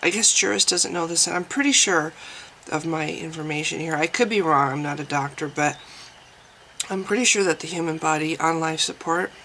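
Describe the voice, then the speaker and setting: A woman vlogger talks through her thoughts in a relaxed, unscripted way, pausing and restarting often. Her voice has a bright, sharp edge with a gravelly fry. A faint hiss of noise sits behind her. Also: sits low, low-quality recording. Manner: hesitant, thinking aloud with many restarts and ums. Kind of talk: casual spoken commentary.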